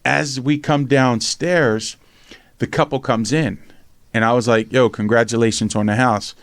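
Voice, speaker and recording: A man telling a lively personal story in casual conversation, acting out other people's lines and swearing casually. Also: mid-range voice, measured pace, no room sound. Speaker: podcast host and memoir author.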